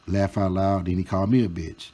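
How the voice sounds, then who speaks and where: Low, dark-voiced man, mocking vlogger. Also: fairly even intonation. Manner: slow, mocking and profane. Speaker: storytime vlogger. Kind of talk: reading out and commenting on chat screenshots.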